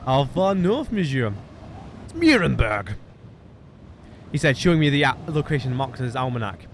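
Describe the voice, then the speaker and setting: A man's voice: mid-range voice, very animated, normal speed, slight background noise. A man streaming a game, reading its narration and dialogue aloud and joking with friends. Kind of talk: live-streamed game read-aloud with chat.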